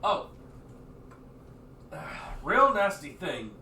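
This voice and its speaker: A man's voice: high-pitched, big pitch swings, very slow, sharp tone, roomy sound, distant mic, a little hiss or hum. A man narrating a tabletop game as game master, rambling with many fillers and restarts.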